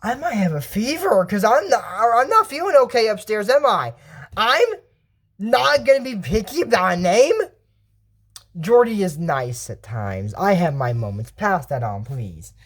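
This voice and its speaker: Reviewing a cartoon episode for her channel, this woman talks in a rambling, digressive way, frequently fixing herself mid-sentence. She has a husky, medium-pitched voice with a sing-song lilt, going a little slow.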